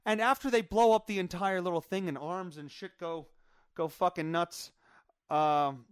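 Podcast host, male, slightly high voice, dry close mic, rambling and crude storyteller. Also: moderate pace, clean tone, dry recording. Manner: rambling, profane, animated retelling. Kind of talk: casual storytelling monologue.

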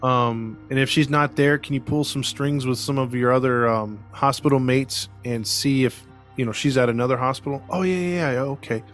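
A man hosts a casual podcast and tells a story in an animated way. He drops into the voices of the people he quotes and laughs often. Faint music sits behind him. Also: medium pitch, moderate pace, hardly any pauses. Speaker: podcast host.

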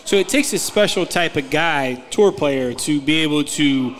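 A man in his forties co-hosts a loose golf chat, rambling and tripping over his own sentences, with casual swearing. His voice sits slightly high. A long reverb hangs on every phrase. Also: animated, normal speed, fairly bright tone, slight background noise. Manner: rambling, stumbling restarts, profane. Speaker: podcast co-host, golf analyst.

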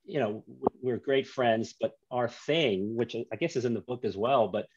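A man's voice: mid-range voice, moderate pace, noisy background. A man, a guest author and documentary maker, telling rambling stories in an easy, self-mocking way in a casual interview chat. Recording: dull lo-fi sound.

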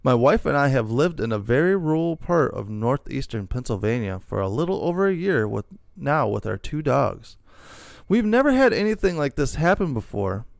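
Gravelly middle-aged man reading aloud. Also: medium pitch, very animated, normal speed, no echo, clean studio sound. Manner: laughs often, jokey asides. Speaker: podcast host reading stories. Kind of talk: casual chat reading posts aloud.

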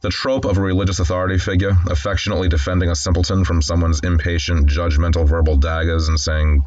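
A man's voice: deep voice, little pitch movement, fast, few pauses, a little mellow, highs cut off, a little hiss or hum. A man hosting film commentary, describing scenes and reading the dialogue aloud in a wry, conversational way. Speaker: host.

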